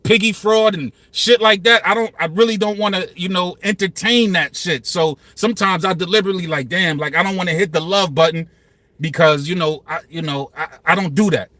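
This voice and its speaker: A man's voice: high voice, a little fast, sharp tone, no room sound. A man in his fifties hosting a hip-hop commentary channel, talking passionately and emphatically in street slang. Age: 50s. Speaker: channel host.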